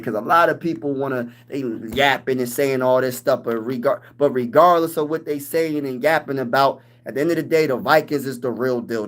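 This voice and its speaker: Male livestream host, excitable fan energy, banters with chat, average pitch. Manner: hyped, animated, reading and answering chat; trash-talking sports fan.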